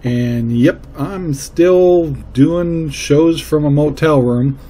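A man's voice: fairly high pitch, drawn-out words, dark tone. A middle-aged man from Washington State hosting a casual solo podcast from a motel room, rambling and repeating words for emphasis on a cheap microphone. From Washington State, USA. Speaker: podcast host. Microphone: cheap mic that picks up room noise. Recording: faint room noise on a cheap mic.

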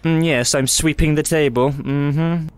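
A man's voice: fairly high pitch, steady tone, clear, resonant tone. Chatty swearing gamer guy. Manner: chatty, swearing, quick to laugh. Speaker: gaming YouTuber. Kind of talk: casual let's-play commentary.

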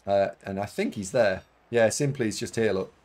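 A man's voice: lowish voice, normal speed, a little mellow. A man streaming a game live, chatting casually with viewers and thanking them, with lots of fillers. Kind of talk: casual live-stream chat while playing.

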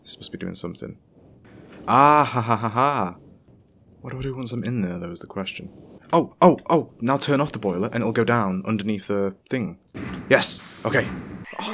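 Man, gaming commentary, excitable, talks to himself, loud outbursts, game noise behind him. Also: fairly low pitch. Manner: excitable, talks to himself, swears and shouts in frustration. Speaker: gaming YouTuber. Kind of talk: let's-play commentary.

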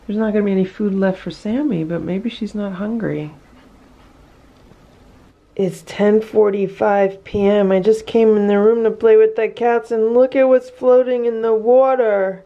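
A woman filming a casual vlog about her cats, chatting about their routines and coaxing them with a high voice. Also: fairly even intonation, unhurried, muffled recording. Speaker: cat vlogger. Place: indoor room with cats.

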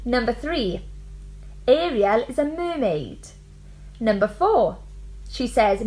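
A woman teacher reading out fairy tale quiz questions and answers, slow, clear and expressive. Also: on the high side.

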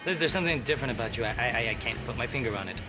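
An actor playing an excitable, loud, giggly friend in a sitcom. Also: male voice, medium pitch, very fast, loud music behind the voice, close to an everyday voice. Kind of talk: sitcom acting.

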